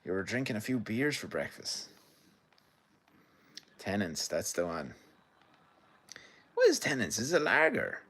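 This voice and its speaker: Deep-voiced Irish man chatting on stream. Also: huge pitch swings, unhurried, creaky, pauses often, a bit bright, breathy edge. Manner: rambling, swearing, laughing. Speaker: livestream host. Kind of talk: casual chat reading viewer comments.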